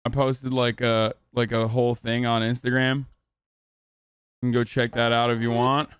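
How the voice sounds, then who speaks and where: A man's voice: medium pitch, flat delivery, normal speed, a bit bright, clear, resonant tone, dry recording. A man in his thirties streaming from home, giving sarcastic, rambling commentary with plenty of swearing. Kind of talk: casual livestream commentary.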